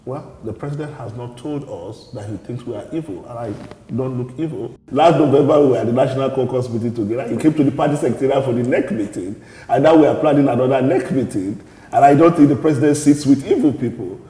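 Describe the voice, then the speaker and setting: A man speaks as a party spokesman in an interview. His voice is mellow and dark, with even pitch. His answers are measured and explanatory. The room has a long, echoey reverb. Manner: measured, explanatory, repeats words when restarting.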